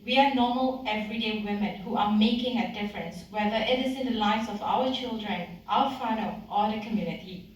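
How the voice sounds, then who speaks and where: A woman's voice: mid-range voice, brisk, hardly any pauses. A woman in her thirties, from Singapore, giving a heartfelt personal speech to an audience at a community event. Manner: heartfelt, slightly emotional. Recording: echoey hall mic from some distance.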